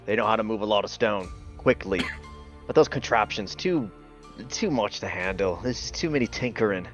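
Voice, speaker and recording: A man's voice: lowish voice, moderate pace, dull audio, soft background music, close to an everyday voice. A man speaking in character as an adventurer who offhandedly dismisses gnome machinery. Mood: dismissive.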